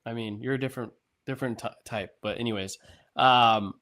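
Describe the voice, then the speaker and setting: A man's voice: mid-range voice, fairly even intonation, a little fast, fairly bright tone. A man co-hosting a podcast, agreeable and easygoing, offering advice to young listeners. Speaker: podcast co-host. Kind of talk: casual chat.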